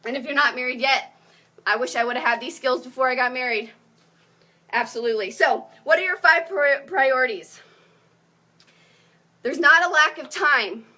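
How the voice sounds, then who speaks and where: A woman in her thirties giving an energetic motivational pep talk as a coach on a call. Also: high voice, moderate pace, long pauses.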